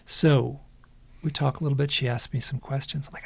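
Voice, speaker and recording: Gravelly man telling an animated story. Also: medium pitch, quick pace, dry recording. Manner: dramatic retelling, frequent restarts. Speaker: podcast guest, author.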